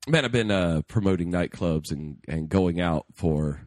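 A man casually telling a story about an ex, relaxed with laughing asides. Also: low-pitched, a little slow, no room sound. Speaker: guest storyteller. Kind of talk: casual chat.

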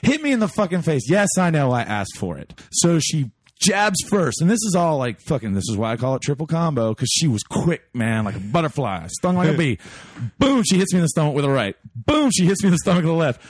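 A man's voice: on the high side, fairly quick, no echo, studio quality. A man telling a crude personal story, swearing a lot and acting out what people said. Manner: animated, swears constantly, acts out quotes.

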